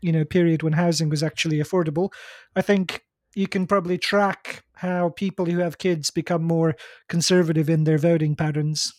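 A man's voice: fairly high pitch, steady tone, normal speed, darkish tone, dry recording, studio quality. A man in a casual podcast discussion, blunt and argumentative as he makes his case.

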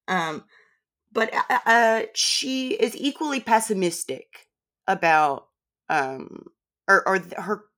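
A woman's voice: lowish voice, fairly bright tone. A woman guest in a casual podcast discussion, chatty and wry, laughing often as she talks.

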